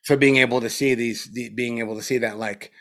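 A man's voice: medium pitch, steady tone, a little fast, bright, forceful tone. Rambling, profane meditation teacher man. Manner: loose, profane, rambling with many fillers. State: a little spaced out after retreat. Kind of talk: casual dharma talk.

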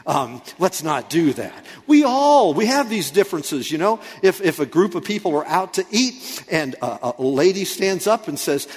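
Guy preaching, kinda high voice, chatty jokey sermon, echoey big church sound. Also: expressive, moderate pace. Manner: conversational preaching with playful asides. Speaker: pastor.

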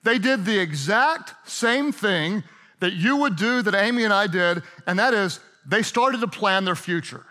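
A man's voice: high voice, expressive, measured pace, pushed and bright. A middle-aged man preaching a sermon, retelling a story in a playful, chatty way and laughing often. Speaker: pastor.

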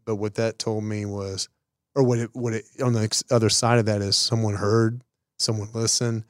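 A man's voice: on the low side, little pitch movement, moderate pace, dry recording, clean studio sound. A man co-hosting a podcast, speaking in an earnest, reflective way in casual chat. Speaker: podcast co-host.

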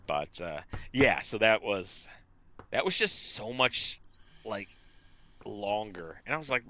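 Bright-voiced man telling a story. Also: lowish voice, slow. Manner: animated storyteller, swears freely, acts out exchanges. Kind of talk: casual chat.

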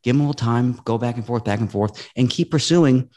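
A man's voice: medium pitch, fairly quick, lo-fi sound. A man talking casually on a podcast as a real estate investor guest, telling stories earnestly and acting out the quotes. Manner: earnest, animated storytelling with acted-out quotes.

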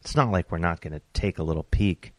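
A man's voice: deep voice, fast talker, no echo, studio quality. A man reading aloud and voicing an eager, cheerful nudist woman in a comic story. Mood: teasing. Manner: eager, chirpy.

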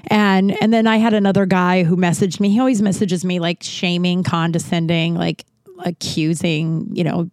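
A woman's voice: fairly low pitch, level tone, moderate pace, a little mellow, clear, resonant tone, no echo. Frustrated woman podcaster, dry closet sound. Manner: heated, frustrated, swears often. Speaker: podcast host. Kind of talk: solo podcast monologue. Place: her closet.

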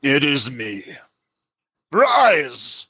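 A man's voice: medium pitch, huge pitch swings, extremely slow, sharp tone, slightly rough, heavily acted. A man voicing a commanding vampire lord who orders his servant about. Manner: imperious, commanding, faltering at times.

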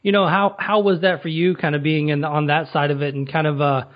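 A man's voice: on the high side, little pitch movement, a little fast, highs cut off. A man hosting a podcast, asking questions in a loose, rambling way full of fillers. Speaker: podcast host. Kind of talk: casual interview.

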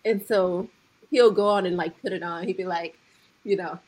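A woman's voice: fairly low pitch, fairly even intonation, moderate pace, darkish tone, breathy edge, poor audio. A woman, chatting casually as a podcast co-host, laughing often and dropping letters. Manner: laughs often, drops letters, lays the accent on thick. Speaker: acupuncture school teacher. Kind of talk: casual chat.

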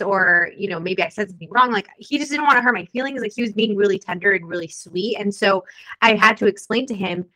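A young adult woman co-hosting a casual podcast chat, lively, laughing often and talking with many fillers. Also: medium pitch, brisk, rough recording. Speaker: podcast co-host.

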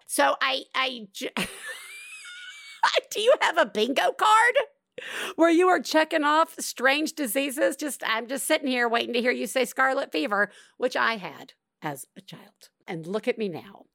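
A woman hosting a podcast, reacting to callers in casual, expressive chat with frequent laughter. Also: high-pitched, measured pace, vocal fry, dry recording, studio quality. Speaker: podcast host.

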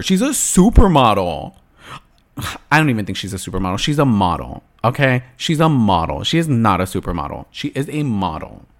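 Sassy, blunt young man ranting. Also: mid-range voice. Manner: sassy, blunt, swears freely, animated. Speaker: vlogger. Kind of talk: casual rant to camera.

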